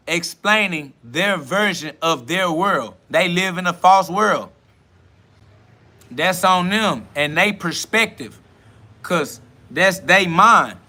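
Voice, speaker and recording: A man with a high, ringing voice delivers an off-the-cuff sermon in street slang. He preaches emphatically and profanely, circling back on the same phrases. He speaks outdoors by a road. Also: bright, forceful tone. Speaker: self-styled spiritual podcast host. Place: outdoors beside a road with passing cars.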